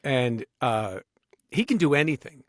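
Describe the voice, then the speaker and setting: A man guesting on a podcast as a voice actor, talking in an animated way and slipping into quick voices. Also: medium pitch, no echo, clean studio sound. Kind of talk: casual podcast conversation.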